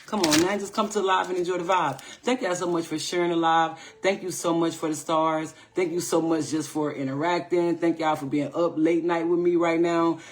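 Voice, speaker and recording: On her livestream, a US tarot reader speaks in a lowish voice at a fairly quick clip with few pauses, over a slight hiss or hum. Lively and playful, she curses openly and tacks "all right?" onto her points.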